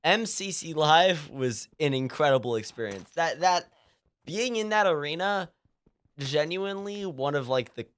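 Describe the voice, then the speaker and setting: A man's voice: a little high, a bit bright. A young man from California chatting casually while streaming a game, rambling with lots of fillers and frequent laughs. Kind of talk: casual gaming stream chat.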